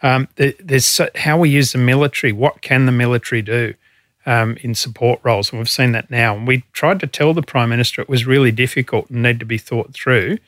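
A man's voice: mid-range voice, fairly even intonation, brisk, a bit bright, dry recording, studio quality. A middle-aged Australian man, a former fire commissioner, answering interview questions earnestly and with emotion, using frequent fillers.

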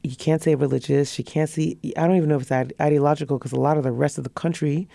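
Gravelly, mellow co-host, dry booth. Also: medium pitch, steady tone, fast talker, no room sound. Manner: thoughtful, searching for words. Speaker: podcast co-host. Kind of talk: news podcast discussion.

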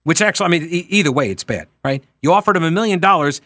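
A man with a fairly high voice delivers a political talk radio monologue. He is emphatic and conversational, and he corrects himself on air. The sound is dry and close, with no room around it. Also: animated, rapid-fire, few pauses, pushed and bright, no room sound. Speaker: radio talk show host.

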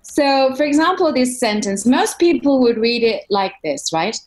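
Middle-aged woman, vocal coach, lively animated delivery, talks through voice demos. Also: normal speed, hardly any pauses, low-quality recording. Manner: animated, demonstrates vocal colour by shifting pitch. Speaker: voice coach, opera singer. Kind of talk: conversational interview.

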